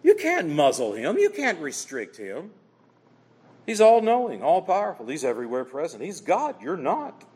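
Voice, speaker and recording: A man's voice: on the high side, huge pitch swings, moderate pace, darkish tone, slightly rough, in a large hall. A man preaching a sermon as pastor, emphatic and quoting scripture dramatically.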